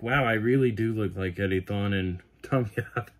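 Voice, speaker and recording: A man reviewing a cosplay piece in a casual, gushing and excitable way, talking straight to his viewers. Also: on the low side, fairly quick. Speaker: cosplay vlogger.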